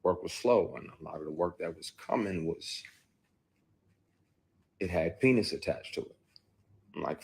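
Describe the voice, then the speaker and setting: A man, an actor, telling a personal story in a candid livestream monologue, emphatic and heated with sudden loud outbursts, speaking into a phone. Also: deep voice, moderate pace, vocal fry, long pauses, husky. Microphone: phone on a live stream.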